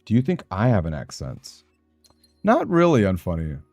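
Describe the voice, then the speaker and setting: A man's voice: low-pitched, big pitch swings, brisk, warm tone, dry recording, soft background music. A man with a Southern Californian accent, chatting in a rambling, casual way with his live-stream audience while he plays a game. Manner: chatty, rambling, answers chat aloud.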